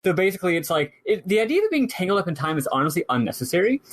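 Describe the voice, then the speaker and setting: Man, podcast co-host, slightly raised pitch, rambling animated delivery. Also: racing. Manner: rambling, animated, frequent fillers and restarts. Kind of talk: casual chat about a video game.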